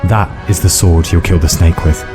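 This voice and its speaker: A man voicing a gruff, secretive, hard-drinking old woman who talks in a dry, curt, mumbling way. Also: deep voice, fairly even intonation, moderate pace, over music, close to an everyday voice. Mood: dry, offhand.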